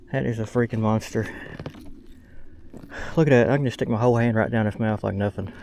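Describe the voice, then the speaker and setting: A young fishing vlogger with a lowish, slightly mellow voice talks casually to a camera mounted on his kayak as he fishes outdoors. He narrates plainly with lots of fillers, and there is slight background noise.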